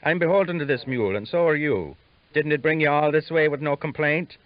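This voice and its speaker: A man's voice: on the high side, fairly quick, no echo, voice pushed up, close to an everyday voice. A man voicing a bald, jolly older Irishman with an Irish accent, genial and wry, on a dull lo-fi recording. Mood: grumbling.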